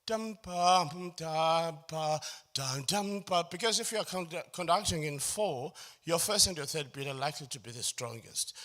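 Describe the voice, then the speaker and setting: A man's voice: fairly high pitch, pushed and bright. A man leading a choral workshop, explaining phrasing step by step and singing short lines to show it. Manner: explains step by step, often asks "does it make sense?"; sings and hums phrases to demonstrate. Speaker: choral music workshop facilitator. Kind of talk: workshop lecture.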